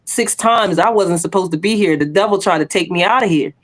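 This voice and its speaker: A woman co-hosting a podcast shares her testimony in casual chat, speaking briskly in a lowish voice. She tells it boldly and with animation, acting out the voices of people she quotes.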